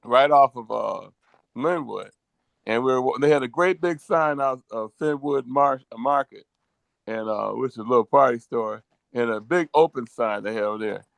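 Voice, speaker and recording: A man's voice: medium pitch, normal speed, vocal fry, no room sound. A middle-aged man co-hosting a casual podcast over a video call, telling rambling, sentimental stories. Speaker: co-host.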